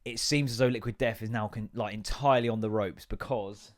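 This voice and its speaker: A man's voice: lowish voice, steady tone, a little fast. A man in his thirties hosting a podcast, rambling through a sweary, self-mocking comic rant. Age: 30s. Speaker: podcast host. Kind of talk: solo comedic rant.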